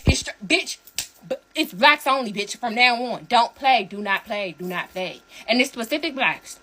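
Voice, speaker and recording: A woman's voice: on the high side, expressive, moderate pace, pushed and bright. A woman delivering a heated, profane rant straight to her audience, repeating herself for emphasis.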